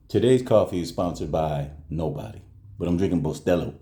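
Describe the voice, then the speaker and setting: A man's voice: low-pitched, brisk, roomy sound. A man telling a casual story to his viewers at home, acting out every person's voice as he goes. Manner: animated, acts out everyone's voices. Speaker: vlogger.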